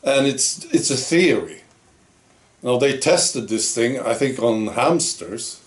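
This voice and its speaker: A man's voice: mid-range voice, lively intonation, slow pace. A man hosting his own opinion vlog, talking in a blunt, sarcastic, plain-spoken way. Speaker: channel host.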